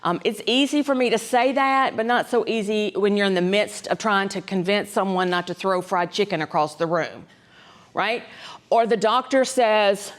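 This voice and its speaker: A woman's voice: medium pitch, moderate pace. A woman, a dementia specialist giving a folksy, conversational talk to caregivers, often checking in with "right?". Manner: conversational, folksy, frequent ums and asides, keeps checking in with "right?".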